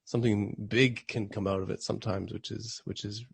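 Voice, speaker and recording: A man's voice: on the low side, steady tone, fairly quick, creaky, breathy edge, no room sound. A man hosting a casual podcast conversation, an easygoing interviewer who prompts his guest with questions. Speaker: podcast host, naturopathic doctor.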